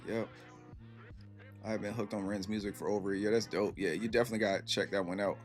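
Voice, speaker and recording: A man's voice: fairly low pitch, fairly even intonation, fast, faint music behind. A man from Virginia hosting a casual livestream, chatting with viewers in a laid-back, slangy way. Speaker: livestream host. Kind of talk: casual livestream chat reading comments.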